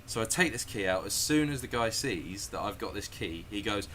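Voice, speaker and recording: A man spins a casual, sweary tale in a low, forceful voice, laughing as he acts out each scene. His delivery is lively and punchy, with faint noise in the background. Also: moderate pace. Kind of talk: casual storytelling.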